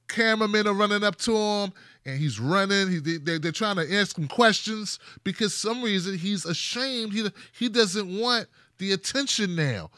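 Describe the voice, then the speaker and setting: This is a man hosting a casual commentary show, speaking. He is sarcastic and animated, full of rhetorical questions. His voice is bright and sits a little high, close and dry with no room around it. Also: no echo. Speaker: host.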